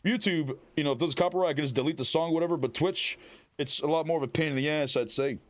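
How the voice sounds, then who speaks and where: A man chatting casually with his live-stream audience, animated and loud, often shouting catchphrases. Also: fairly high pitch, quick pace.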